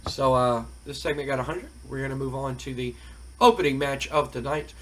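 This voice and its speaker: A man's voice: medium pitch, fairly quick, a bit bright. A man hosting and narrating a simulation game in a rambling, colloquial way. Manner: rambling, colloquial storytelling with fillers. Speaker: game host.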